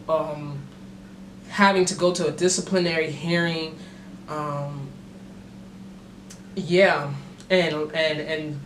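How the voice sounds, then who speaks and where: A young adult woman vlogger telling a casual story time, animated and full of slang and swearing. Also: low voice, a little hiss or hum. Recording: roomy echo.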